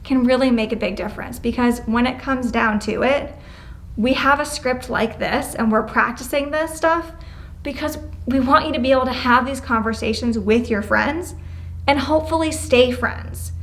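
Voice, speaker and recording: A woman leading a classroom lesson, giving brisk, encouraging step-by-step directions and acting out example phrases. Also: a little high, fairly bright tone. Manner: acts out example phrases with changing tone. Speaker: prevention educator leading a class. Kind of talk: classroom instruction. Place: school classroom, indoors.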